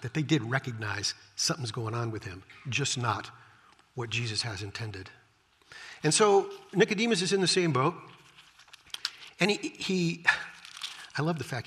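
A man's voice: mid-range voice, lively intonation, moderate pace, pauses often, fairly bright tone, breathy edge. A male preacher giving a conversational Bible-teaching sermon, chatty, with wry asides. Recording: long hall reverb.

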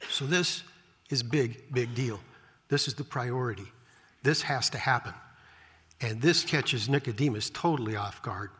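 A man's voice: medium pitch, a little slow, fairly bright tone, breathy edge. A male preacher giving a conversational Bible-teaching sermon, chatty, with wry asides. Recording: long hall reverb.

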